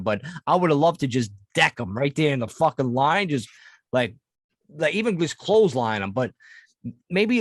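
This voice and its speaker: A man's voice: on the high side, dry recording. A man co-hosting a podcast, casually telling a crude sports story. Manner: profane, laid-back storyteller. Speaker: podcast co-host.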